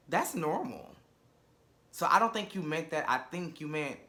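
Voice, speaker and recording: Sassy, bright-voiced man reviewing reality TV. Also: on the high side, a little slow. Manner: animated, sassy and profane, campy asides. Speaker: reality TV recap vlogger. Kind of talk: casual episode review.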